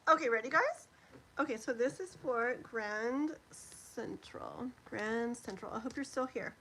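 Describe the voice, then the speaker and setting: Middle-aged woman, tarot streamer, higher pitch, chatty and rambling, faint background hiss. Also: unhurried, fairly bright tone, low-quality recording. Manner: chatty, rambling, many fillers. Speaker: live-stream tarot reader. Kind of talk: casual live-stream chat.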